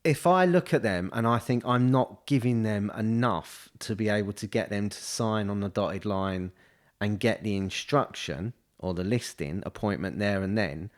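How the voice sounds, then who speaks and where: A man co-hosting a casual podcast, rambling through his points with many restarts and fillers. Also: on the low side. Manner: rambling, full of restarts and "you know". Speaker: podcast co-host, estate agent. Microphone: studio podcast mic.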